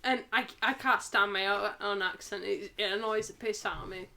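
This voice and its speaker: A woman's voice: medium pitch, fairly even intonation, normal speed, vocal fry, pushed and bright. A woman with a Yorkshire accent in casual chat on a stream, laughing often and swearing freely. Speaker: stream guest.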